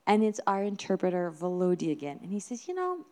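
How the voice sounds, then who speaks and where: A woman's voice: on the low side, brisk, dark tone. A woman minister preaching a sermon in an earnest, emphatic way, building her points with repeated phrases.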